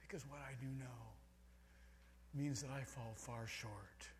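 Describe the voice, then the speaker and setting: A man preaching a sermon, stressing key words by swinging between soft and loud. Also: mid-range voice, unhurried, a little hiss or hum.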